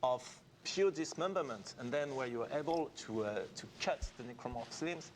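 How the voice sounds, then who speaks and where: A man's voice: mid-range voice, lively intonation, normal speed, a little hiss or hum. A game developer, a man, patiently explaining design details in an interview.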